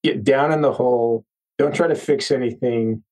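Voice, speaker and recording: A man hosting an interview podcast, summing up and asking questions in a measured, thoughtful way. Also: medium pitch, darkish tone, rough recording. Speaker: podcast host.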